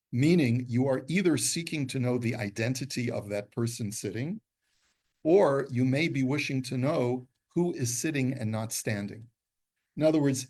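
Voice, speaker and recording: A man's voice: mid-range voice, darkish tone. A man teaching a Torah class, explaining texts step by step, quoting Hebrew passages and putting questions to his students. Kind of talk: classroom lesson.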